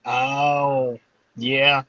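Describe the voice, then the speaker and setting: A man's voice: mid-range voice, level tone, extremely slow, sharp tone, no echo, highs cut off. A young man calling in from a campsite, chatting easily, swearing casually and laughing at his own jokes. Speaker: guest on a call. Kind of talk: casual chat. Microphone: online call.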